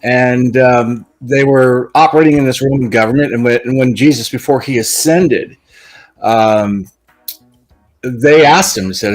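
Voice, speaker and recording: A man's voice: medium pitch, unhurried. A man speaking as a guest on a casual livestream, explaining his views thoughtfully. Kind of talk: casual discussion.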